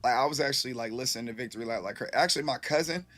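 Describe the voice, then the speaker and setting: A man's voice: medium pitch, rapid-fire, fairly bright tone. A man casually chatting with his live-stream viewers, rambling loosely and swearing freely, a little tipsy.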